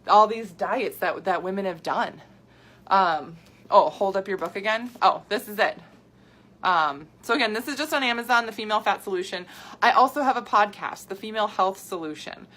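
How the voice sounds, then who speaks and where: A woman in her thirties hosts a casual live stream as a health coach. She talks in an animated, chatty way and jumps up in pitch with excitement when she reads viewer comments. Her voice sits in an ordinary middle range for a woman. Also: moderate pace. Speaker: health coach and podcast host.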